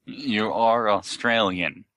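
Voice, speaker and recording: Guy player, lowish voice but bright and sharp, dry sound, wry. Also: slow, no room sound. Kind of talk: tabletop game chat.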